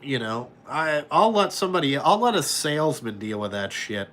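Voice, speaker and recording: A man's voice: mid-range voice, moderate pace. A man, a truck driver chatting casually and bluntly with his viewers, swearing often and reenacting his calls. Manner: profane, blunt and animated. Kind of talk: casual chat answering viewers.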